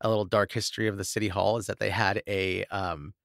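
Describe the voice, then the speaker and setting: A man's voice: fairly low pitch, flat delivery, fast talker, creaky, a bit bright, no room sound, studio quality. A man hosting a podcast, reading researched history and then chatting loosely with laughs and stumbles. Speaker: podcast host reading the story. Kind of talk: scripted narration with casual asides.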